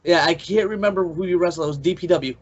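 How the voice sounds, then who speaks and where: A man's voice: high-pitched, breathy edge. A man co-hosting a podcast, eagerly recalling old backstage stories and laughing along. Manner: rapid, eager storyteller who laughs along. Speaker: podcast co-host. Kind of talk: casual chat, recalling stories. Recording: muffled lo-fi recording.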